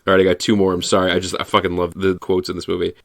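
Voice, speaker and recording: A man co-hosting a podcast in casual chat, excitable, swearing freely and laughing often. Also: low voice, very fast, vocal fry, dry recording, clean studio sound. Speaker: podcast co-host.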